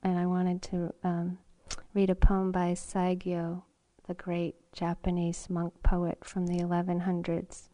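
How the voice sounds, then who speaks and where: Gentle woman giving a dharma talk. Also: on the low side, completely flat delivery, measured pace. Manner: gentle, reflective, with soft laughs and whispered asides. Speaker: meditation teacher. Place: retreat center meditation hall.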